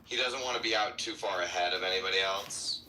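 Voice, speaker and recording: Deep-voiced man in a laid-back podcast chat. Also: a little fast, sharp tone. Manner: laughs often, swears casually. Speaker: podcast co-host. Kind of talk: casual chat. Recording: roomy echo, faint noise.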